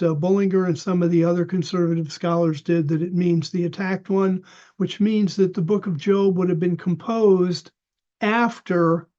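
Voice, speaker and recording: A man's voice: high voice, mellow. An older man teaching an unscripted Bible study lecture, explaining with fillers and restarts. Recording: dull lo-fi recording.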